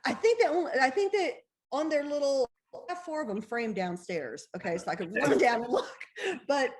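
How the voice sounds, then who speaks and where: Excitable woman telling a story. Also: high-pitched, brisk. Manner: excitable, laughs often, acts out quoted dialogue. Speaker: bestselling author, interview guest. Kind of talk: animated storytelling in an interview.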